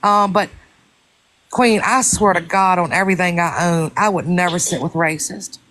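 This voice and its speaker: A woman with a lowish, slightly bright voice hosts a casual live stream chat at a moderate pace. She's emphatic, swears oaths, and talks straight to her listeners, calling them y'all.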